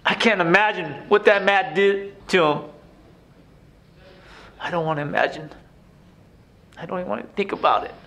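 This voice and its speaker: An actor playing a grown man reliving his abusive childhood in a theatrical stage monologue, swinging between hushed and shouting. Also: high-pitched, normal speed, pauses often. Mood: haunted. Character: grown man, former abused son, intense and haunted.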